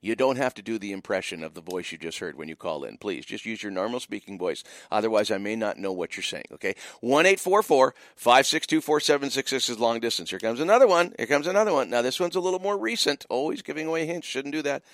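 A man hosting a radio trivia show, his voice swinging up and down with animated, teasing energy. He keeps repeating the call-in number and needles his listeners. The studio sound is close and dry. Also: mid-range voice, fast talker, hardly any pauses, no room sound. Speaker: radio host running a movie trivia call-in. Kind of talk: casual radio call-in chat.

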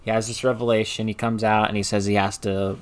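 A man with a lowish voice talks through a movie in a relaxed podcast chat. He is chatty, laughs often and slips into acting out quotes as he goes. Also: fast, a little hiss or hum. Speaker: podcast co-host. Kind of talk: casual film discussion.

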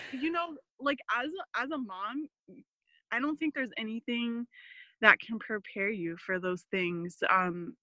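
A podcast guest in her thirties with a slightly high voice chats about her family, using plenty of fillers and animatedly quoting others in casual interview storytelling. The recording is rough, with no room sound.

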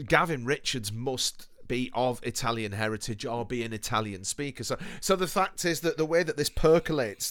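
A man's voice: medium pitch, fairly bright tone, no room sound. Man chatting in a dry, close sound. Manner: chatty, reflective, bursts of exclamation. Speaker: podcast co-host. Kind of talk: casual chat about old British television.

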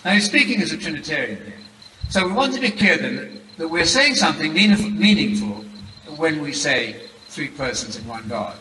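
A British man giving a formal debate statement in a measured, emphatic way, slowing down to stress key words. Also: a little high, very animated, sharp tone. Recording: echoey hall, heard from far off, background noise.

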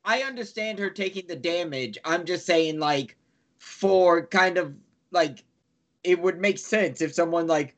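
A man's voice: sits high, a little slow, a bit bright. A man playing a tabletop game, questioning and arguing the rules. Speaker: player. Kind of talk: casual tabletop play.

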